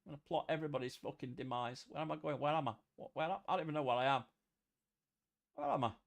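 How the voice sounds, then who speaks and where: A man's voice: a little high, racing, vocal fry. A man hosting a gaming livestream, chatting casually with a lot of swearing and mock-threatening banter. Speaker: livestream host. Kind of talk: casual gaming stream chat.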